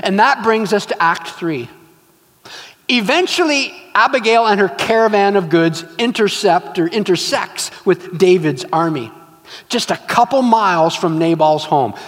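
A male pastor with a high-sitting voice preaches a sermon at a measured pace, telling animated stories, acting out scenes and repeating points emphatically. The long reverb of a large hall surrounds him.

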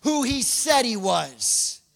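Animated man preaching in a reverberant hall. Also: extremely high pitch, takes it slowly, vocal fry. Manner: animated storytelling, acting out biblical scenes. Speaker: pastor. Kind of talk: sermon.

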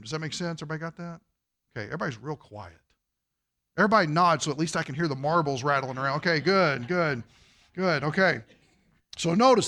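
A man preaching a sermon to a congregation, asking them questions and swinging between loud emphasis and hushed, quiet lines. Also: high-pitched. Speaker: pastor.

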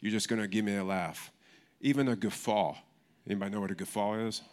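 Man, pastor, low voice, conversational sermon, church, frequent restarts. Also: fairly even intonation, fast talker, darkish tone.

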